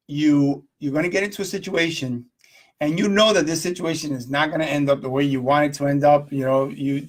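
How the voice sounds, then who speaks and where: A man hosting a live video stream, giving a casual motivational talk, rambling and asking his viewers questions. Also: fairly high pitch. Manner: rambling, repeats himself, asks viewers questions.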